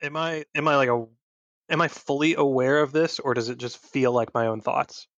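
A man taking part in a tabletop game, working through his character's choices aloud with plenty of ums and pauses. His mid-pitched voice comes through a dull, lo-fi mic with a dry, close sound. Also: steady tone, a bit bright, no echo. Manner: hesitant, thinking aloud with many fillers. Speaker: player.

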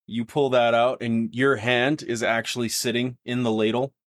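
A man's voice: mid-range voice, level tone, moderate pace, a bit bright, no room sound, studio quality. A man narrating as game master in a tabletop game, with vivid, descriptive narration.

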